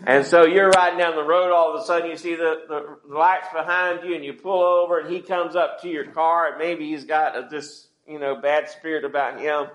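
A pastor with a fairly high, fairly bright voice delivers his sermon fairly quickly and with hardly any pauses, keeping a steady tone. He chats with the congregation through questions, and the church sanctuary echoes.

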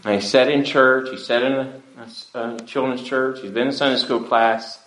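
A man's voice: mid-range voice, steady tone, normal speed, reverberant, low-quality recording. A pastor preaching an earnest, pleading sermon to his church. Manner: earnest, pleading preaching with wide swings in loudness.

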